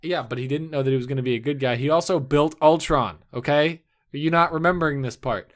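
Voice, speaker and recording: A man's voice: a little high, fast. A man co-hosting a casual movie podcast, joking and arguing playfully. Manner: joking, argumentative, laughs often. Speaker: podcast co-host. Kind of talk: casual chat.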